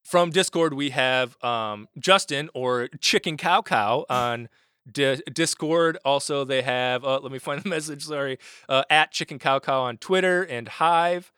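A man's voice: mid-range voice, a little slow, smooth, no room sound, studio quality. Man narrating as game master. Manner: relaxed, filler-heavy narration. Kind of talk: narrating a tabletop role-playing game.

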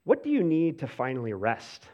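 A pastor speaks at medium pitch and a moderate pace on a muffled recording, giving a casual sermon peppered with "like" and false starts. He moves from animated bursts into soft, hushed passages.

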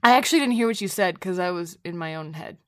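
A young woman co-hosting a casual chat, playful and quick to laugh, cursing freely. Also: on the low side, lively intonation, no room sound, studio quality.

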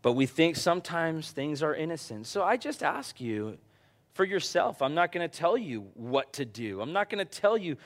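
A middle-aged man preaching a conversational sermon, growing animated as he tells personal stories. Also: a little high, normal speed. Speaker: pastor.

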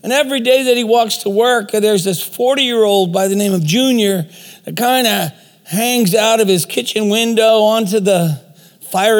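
A man with a high, gravelly voice preaching in a big hall, his words trailing in long reverb. He tells a story and then presses his listeners with rhetorical questions. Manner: storytelling with rhetorical questions, self-deprecating asides. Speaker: speaker. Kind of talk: sermon.

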